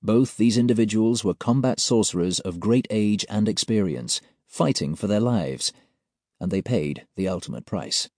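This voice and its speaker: A man reading an audiobook in a measured, formal manner, as if delivering an official report. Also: on the low side, expressive, darkish tone, no room sound, clean studio sound. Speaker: audiobook narrator. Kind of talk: scripted audiobook narration.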